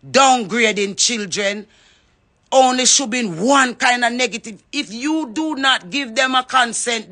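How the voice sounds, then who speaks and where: A woman's voice: fairly high pitch, sharp tone. A Jamaican woman giving an impassioned address, fervently calling on others by name to speak up. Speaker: reggae artist.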